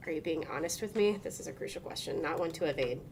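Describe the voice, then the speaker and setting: A woman's voice: sits low, quick pace, darkish tone, slight background noise. A woman voicing a stern male doctor in a game, reading his probing questions earnestly.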